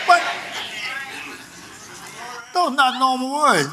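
An older man preaching a sermon, shouting with emphasis and then dropping suddenly quiet. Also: sits high, expressive, moderate pace, crowd noise, background noise.

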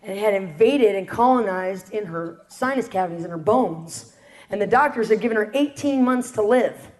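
A middle-aged woman with a high voice, a preacher and prison ministry leader, delivers a testimony sermon. She tells her stories with animated energy and keeps checking in with the congregation through rhetorical questions.

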